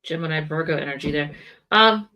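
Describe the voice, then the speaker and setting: In a low, bright, forceful voice, a woman reads tarot fairly quickly and casually. She rambles, catches and corrects herself often, and keeps tossing in conversational asides.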